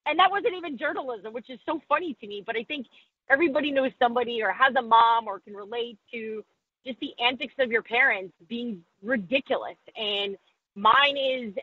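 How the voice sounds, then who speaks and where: Her voice is a little high and fairly quick, with a breathy edge. As a sports reporter being interviewed on a podcast, she is frank and self-deprecating, imitating the voices of people she quotes, and the recording sounds narrow and tinny with no room sound.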